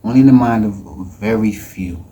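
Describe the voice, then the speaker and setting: A man hosting and introducing his channel in a calm, declarative way. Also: lowish voice, normal speed, husky, lo-fi sound. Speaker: host.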